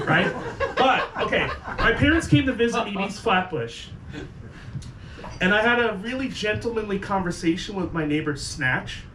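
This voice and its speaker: Male stand-up comic, high-pitched, profane storyteller; distant mic, noisy crowd. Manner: profane, animated storytelling with acted quotes. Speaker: stand-up comedian. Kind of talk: stand-up comedy set. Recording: echoey room, far from the mic, noisy.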